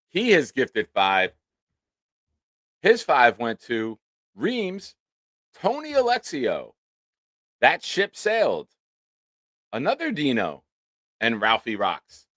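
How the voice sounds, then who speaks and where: He has a mid-range voice and takes things slowly, with long pauses, on a dry recording. As host of an informal sports livestream, he's animated, swears freely, and thanks supporters by name.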